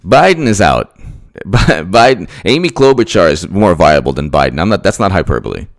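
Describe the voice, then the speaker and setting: A man with a low voice delivers a political rant. His pitch swings widely as he hammers points with repeated rhetorical questions. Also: very animated, moderate pace. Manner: emphatic, repetitive, rhetorical questions. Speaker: political commentator. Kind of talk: ranting political commentary.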